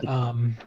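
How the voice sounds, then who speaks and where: A man's voice: medium pitch, dark tone, muffled recording, slight background noise. A man playing a tabletop game, describing his character's moves hesitantly as he thinks aloud. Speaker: player. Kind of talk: casual tabletop game play.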